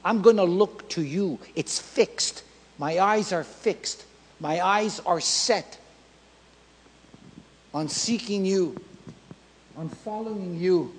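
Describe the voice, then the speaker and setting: A male pastor preaching a sermon in an emphatic, repetitive way that builds to shouts. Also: high voice, slow pace, long pauses, in a large hall, slight background noise, low-quality recording.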